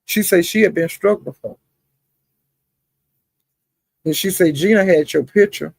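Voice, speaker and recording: A woman's voice: lowish voice, unhurried, creaky, darkish tone, slightly rough, no echo. A woman hosting a live stream, chatting casually about online drama, greeting viewers by name and calling them honey and child. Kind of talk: casual gossip commentary. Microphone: streaming setup.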